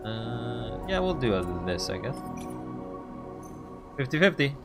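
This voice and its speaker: A man's voice: medium pitch, very animated, slow, loud music behind the voice. A man playing a video game, reading its story text aloud and musing to himself in an offhand, casual way. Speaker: let's play streamer.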